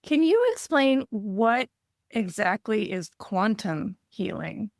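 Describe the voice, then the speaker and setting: A woman's voice: medium pitch, big pitch swings, takes it slowly, gravelly, no echo, studio quality. A woman podcast host who asks questions and adds short affirming remarks. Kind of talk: interview conversation.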